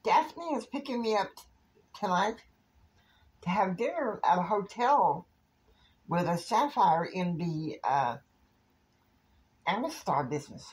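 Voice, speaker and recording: A chirpy young college girl with a voice pitched well up, bright and eager, as a man puts her on. She sounds like a storybook character read aloud, her lines bouncing high above the narrator's own voice. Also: animated, measured pace, pauses often, rough recording. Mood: cheerful. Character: cheerful young female college student.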